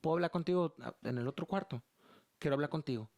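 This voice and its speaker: A quiet, steady mother, voiced by a man, pleads with her son to behave before things get worse. The sound is close and dry. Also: a little high, racing, no echo, natural voice. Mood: warning. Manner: soft, pleading warnings. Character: calm, warning mother speaking to her son.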